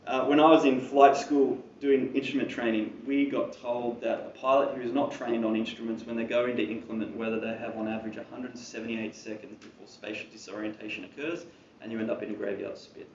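A man delivers a sermon in a church hall, keeping it conversational with casual asides. His voice sits at an ordinary pitch and sounds set back from the mic, with a dull, muffled tone. A roomy echo and a faint hum of ambience surround him. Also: little pitch movement, brisk, recorded from a distance. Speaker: preacher.

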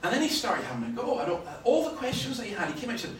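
A Scottish man preaching a sermon, telling stories with sudden loud bursts of emphasis. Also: very high voice, big pitch swings, racing, hardly any pauses. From Scotland. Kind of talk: sermon with anecdotes. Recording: roomy, from far off, faint noise.

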